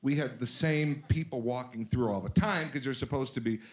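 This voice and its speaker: A man in his forties talks loosely with a host. He jokes, mocks himself, and keeps turning his stories into bits. His voice sits at a middle pitch. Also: normal speed. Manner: joking, self-mocking storyteller. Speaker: podcast guest, actor. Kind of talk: casual chat.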